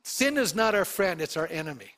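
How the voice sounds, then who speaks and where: A man's voice: sits high, very animated, fairly quick, fairly bright tone. A middle-aged male pastor preaching a sermon, reading scripture aloud and putting questions to his congregation. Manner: reads scripture aloud with emphasis.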